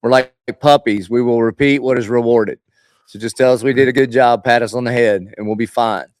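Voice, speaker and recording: A man's voice: medium pitch, fairly even intonation, fairly quick, dry recording. Storytelling male pastor, dry close sound. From Jacksonville, Florida. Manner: storytelling, acts out quoted voices. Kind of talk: casual chat.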